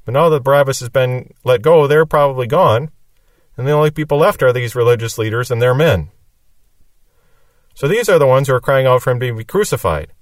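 A man teaches scripture in a steady, mid-pitched voice. He reads a verse and then explains it plainly. The sound is dry, and he stands a little back from the microphone. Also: fairly quick, no echo, distant mic. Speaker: Bible teacher.

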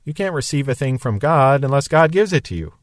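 A man's voice: mid-range voice, sing-song, fairly quick, dry recording, studio quality. A man teaching verse by verse from the Bible, explaining in a musing, conversational way.

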